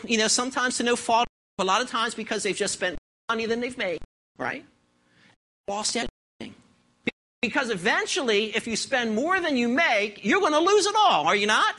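A middle-aged pastor preaching a sermon, asking the congregation rhetorical questions and swinging between loud declarations and quiet asides. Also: mid-range voice.

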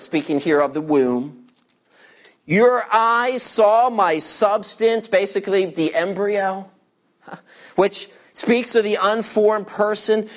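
A man preaching a sermon as pastor, reading scripture and explaining it, raising his voice for emphasis and dropping to quiet asides. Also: high voice. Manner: reads scripture aloud with commentary.

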